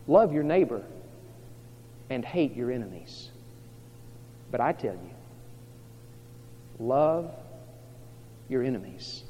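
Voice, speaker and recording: A man preaching a sermon, telling a story dramatically as he swings from hushed to loud. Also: medium pitch. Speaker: pastor. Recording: reverberant hall, dull lo-fi sound.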